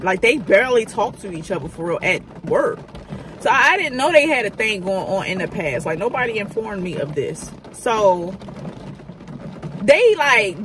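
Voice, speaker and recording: A vlogger in her thirties tells a candid, profane storytime in casual slang, recorded on a phone camera. Her voice is fairly high and a bit bright, with slight background noise.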